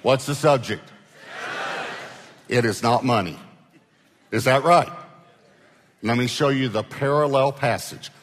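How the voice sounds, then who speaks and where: A male pastor delivering a sermon in a large church auditorium, with a voice of ordinary middle pitch. He speaks conversationally and keeps asking the congregation to answer him out loud. His words ring with a long hall reverb. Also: a little slow, long pauses.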